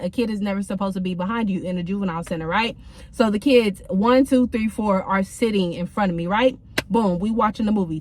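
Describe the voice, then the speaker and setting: A young woman telling a casual storytime from her car, in a chatty, slangy way with many fillers. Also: medium pitch. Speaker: vlogger.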